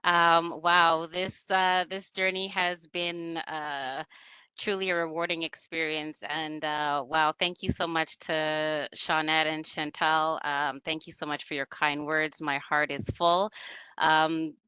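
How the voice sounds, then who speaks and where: A woman mentor giving a tender, emotional farewell speech on a video call, warmly encouraging her mentees. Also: low voice, flat delivery, slow pace, clean tone, no room sound, rough recording.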